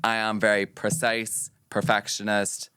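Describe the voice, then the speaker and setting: A young Northern Irish man chats on a podcast in a lively, theatrical way. His voice sits low and comes across smooth and resonant. The recording is close and dry. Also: a little slow, no room sound. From Northern Ireland. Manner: chatty, theatrical, quotes people in put-on voices. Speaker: podcast co-host. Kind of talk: casual chat.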